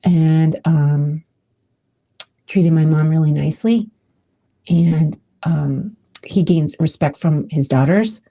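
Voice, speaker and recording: A woman's voice: low voice, slow, long pauses, dark tone. A woman hosting her own podcast, talking casually and emotionally with many restarts. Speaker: podcast host. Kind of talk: casual solo podcast talk.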